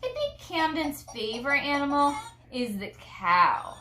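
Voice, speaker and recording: A mother hosting a home video, teaching her child farm animal sounds and signs in a slow, sing-song way meant for a small child. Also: high-pitched, wildly swooping pitch, bright, forceful tone. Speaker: mother and channel host. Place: home room, playing with a toy farm. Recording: echoey room with background noise.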